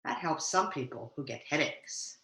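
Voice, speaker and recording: A woman's voice: a bass voice, animated, moderate pace, creaky, bright, forceful tone, reverberant. A woman teaching yoga to children over a video call, playfully coaching them through a picture-book story. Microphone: video call mic.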